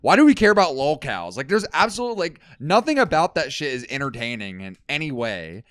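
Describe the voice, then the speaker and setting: A young man co-hosting a podcast, ranting in casual chat with lots of swearing and sudden loud, high bursts. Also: very animated, a little fast, dry recording. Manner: ranting, heavy swearing, swings loud and high when worked up. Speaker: podcast co-host.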